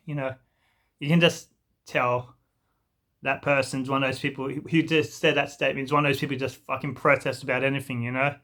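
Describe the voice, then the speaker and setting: Exasperated young man ranting, bright voice. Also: mid-range voice, steady tone, fairly quick. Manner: exasperated, rambling, swears freely, mocks others in put-on voices. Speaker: vlogger. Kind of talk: ranting storytime monologue.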